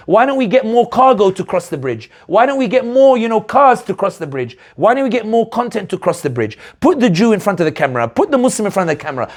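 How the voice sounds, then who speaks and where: A political analyst speaking to an audience, telling stories and asking rhetorical questions in a lively, animated way. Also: male voice, sits high. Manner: animated storyteller, acts out quoted voices, rhetorical questions. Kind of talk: speech to an audience.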